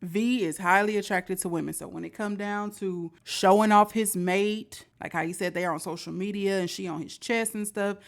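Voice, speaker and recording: A woman's voice: mid-range voice, steady tone, normal speed, hardly any pauses. A woman hosting a reaction video, commenting casually and asking viewers what they think. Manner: chatty, asks viewers questions. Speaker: reaction host.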